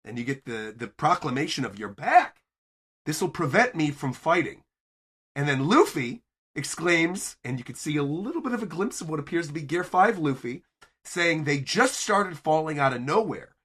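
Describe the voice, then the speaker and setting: A man's voice: fairly high pitch, normal speed, husky. A man hosting a podcast, giving an enthusiastic chapter recap and acting out the characters' lines as he goes. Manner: animated, acts out character lines as he narrates. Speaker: podcast host.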